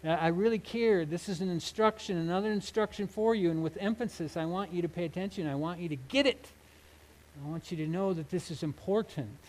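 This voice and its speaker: Brief: male pastor, slightly higher voice, earnest emphatic sermon delivery, halting restarts. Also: rough recording. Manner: earnest, emphatic, with frequent restarts and soft laughs.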